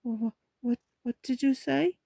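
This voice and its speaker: A small, timid piglet from a storybook squeaks out his words with a trembling nervousness, as a woman reads him aloud. The voice sits on a mellow, slightly gravelly base. It is recorded close and dry. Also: very animated, measured pace, no room sound, full character voice. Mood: nervous.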